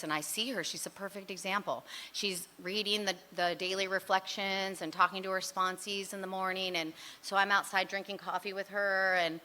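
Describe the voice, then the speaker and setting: A woman with a bright, forward voice tells her own story to a recovery group. She talks candidly and in a rambling way, pokes fun at her old self, and fills her talk with "you know" and "like". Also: mid-range voice, slight background noise. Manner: frequent fillers like "you know" and "like". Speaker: speaker sharing at a recovery meeting.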